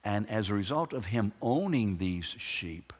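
A man preaches a sermon, pressing his points with emphatic repetition and rhetorical questions. His voice is low and husky, and his delivery is slow and deliberate. The sound carries a long hall reverb. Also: lively intonation.

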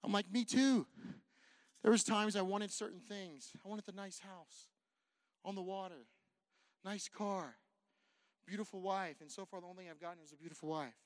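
A man preaching a sermon to a congregation, animated and repetitive, pacing as he talks and acting out the people in his story. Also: high voice, moderate pace, dry recording. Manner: animated, repetitive, quotes figures in voices; walks around while preaching. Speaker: pastor. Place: church sanctuary with a congregation.

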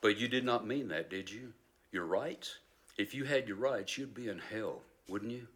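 An actor playing an old, hard-of-hearing Scottish church elder who gently chides another man with questions. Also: on the low side, normal speed, pitched above the performer's own voice, natural voice. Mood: gently rebuking. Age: older.

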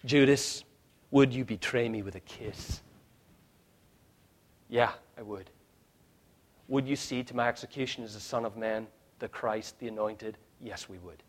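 A male pastor preaching a sermon, swinging from hushed, quiet lines to loud shouted ones. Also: on the low side, a little slow, long pauses.

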